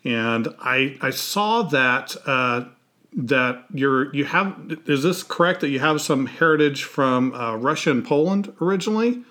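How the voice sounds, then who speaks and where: A man from Indiana hosts the interview. He asks questions haltingly, restarting and rephrasing in an average-pitched voice. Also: animated, pushed and bright. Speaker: interview host.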